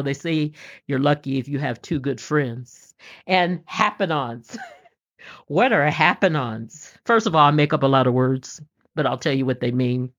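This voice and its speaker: A middle-aged woman hosting a podcast, telling homespun stories and jokes in a casual, folksy way and laughing often. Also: deep voice. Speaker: podcast host. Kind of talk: casual storytelling monologue. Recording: dull lo-fi recording.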